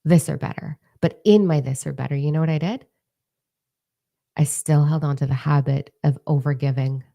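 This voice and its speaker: A middle-aged woman with a low, gravelly voice gives a candid motivational talk. Her tone is dark and mellow, and she talks bluntly, swears freely and repeats words for emphasis. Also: steady tone, moderate pace. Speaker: motivational speaker.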